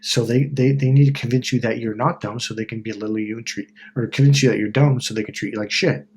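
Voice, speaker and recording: A man's voice: medium pitch, steady tone, fast talker, a little mellow, a little hiss or hum. A man from Wisconsin talking to camera in a rambling, profane, self-correcting monologue about self-help. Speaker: self-help video host. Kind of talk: casual monologue.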